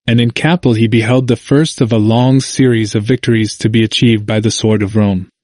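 A man's voice: mid-range voice, fairly even intonation, a little fast, hardly any pauses, darkish tone, no echo. Solemn male history narrator, dry sound. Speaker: audiobook narrator.

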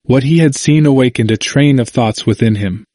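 A man reading a historical text aloud in a measured, earnest way. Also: medium pitch, warm tone, no room sound.

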